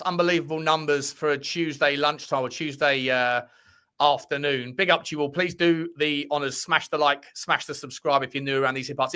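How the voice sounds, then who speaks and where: A man's voice: a little high, fairly bright tone. A man co-hosting a casual football news chat, jokey and full of restarts and fillers. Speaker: co-host of a football news show.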